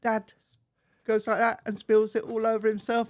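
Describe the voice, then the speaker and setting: Older grandmother, gentle. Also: on the high side, monotone, normal speed. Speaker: grandmother of the hosts. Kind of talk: casual podcast chat.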